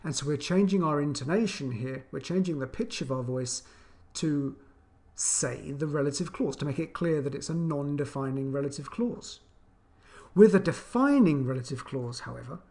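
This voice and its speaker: Man, English teacher, online grammar lesson, slightly high voice, chatty, fillers and restarts. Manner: acts out intonation with animated pitch.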